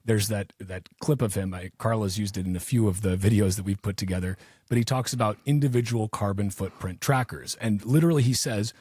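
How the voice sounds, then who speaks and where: Podcast host guy, low husky voice, sarcastic, super dry sound. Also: fairly quick, darkish tone, no echo. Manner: sarcastic, mocking quoted officials. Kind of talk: casual podcast conversation.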